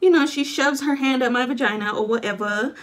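A young adult woman vlogs a long, chatty story in a high-pitched voice at a fairly quick pace. She uses lots of fillers and acts out what people said.

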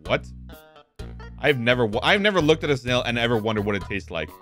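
A man streaming a video game, reading the on-screen text aloud and reacting with excitable, profane commentary. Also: mid-range voice, a little fast, soft background music. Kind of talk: casual gameplay commentary.

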